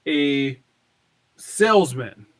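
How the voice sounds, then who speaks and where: A male podcast co-host with a somewhat high voice. He rambles through a story with plenty of fillers and restarts. The delivery is casual and chatty. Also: animated, extremely slow. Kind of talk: casual chat, joke telling.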